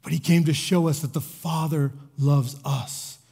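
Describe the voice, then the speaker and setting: A man's voice: fairly high pitch, fairly even intonation, measured pace, vocal fry, dark tone, slightly rough. A man preaching a sermon, telling a story and building to emphatic, repeated appeals. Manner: storytelling with acted quotes, rising to emphatic repetition. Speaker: pastor. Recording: long hall reverb.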